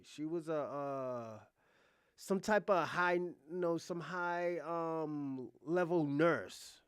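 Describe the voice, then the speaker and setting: A man's voice: on the high side, clear, resonant tone, dry recording, studio quality. A man hosting a podcast, casually retelling a story in a rambling, profane way with many fillers and restarts. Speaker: podcast host.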